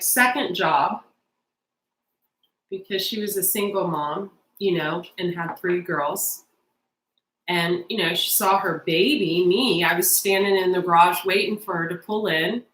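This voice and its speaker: A woman's voice: medium pitch, fairly bright tone, reverberant, poor audio. A woman in her forties giving a casual tarot reading, chatty and emotional as she tells a personal story straight to her viewers. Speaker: tarot reader.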